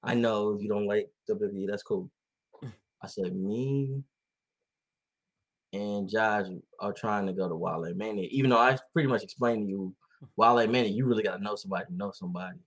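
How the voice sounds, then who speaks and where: A man's voice: fairly low pitch, a little fast. Laughing man telling a sports story. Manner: laughing often, animated storytelling. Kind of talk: casual chat.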